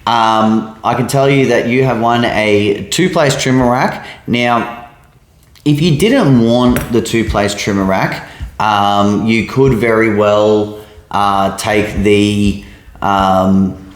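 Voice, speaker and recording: Laid-back Australian man, lowish voice. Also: slow pace, reverberant. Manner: laid-back, rambling with fillers. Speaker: podcast co-host. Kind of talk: casual chat.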